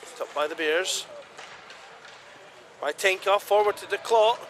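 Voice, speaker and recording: A British man giving live play-by-play commentary on an ice hockey game, with brisk calls that leap into excited shouts at big chances. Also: sits high, a little hiss or hum.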